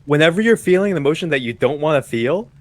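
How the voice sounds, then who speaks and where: A young man co-hosting a podcast, talking in an animated, reflective way with lots of "like" fillers. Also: fairly high pitch, quick pace. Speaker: podcast co-host. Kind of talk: casual chat.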